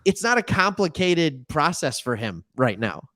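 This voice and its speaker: A man hosting a casual sports talk show, rambling and correcting himself with animated asides. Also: a little high, unhurried, no echo, studio quality. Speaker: sports podcast host.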